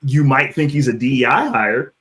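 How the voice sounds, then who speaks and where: A man's voice: mid-range voice, very animated, moderate pace, fairly bright tone. A young man talking loosely and profanely in a casual panel debate, full of restarts and "like". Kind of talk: casual debate on a live stream.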